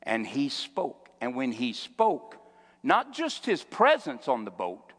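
A man preaching in a church, his voice high and unhurried, drawing out words and then rising to shouts. The hall rings with a long reverb while faint music plays underneath. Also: wildly swooping pitch. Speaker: pastor. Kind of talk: sermon.

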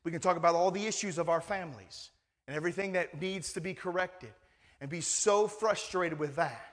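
A man's voice: high-pitched, fairly bright tone. A male pastor preaching a sermon in a conversational, emphatic way, full of rhetorical questions.

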